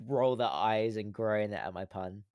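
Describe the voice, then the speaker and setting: A man's voice: on the low side, measured pace, smooth, highs cut off. A man who is a guest on a casual stream, joking, making puns and laughing along with the host. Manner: playful, punning, laughing. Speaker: VTuber guest.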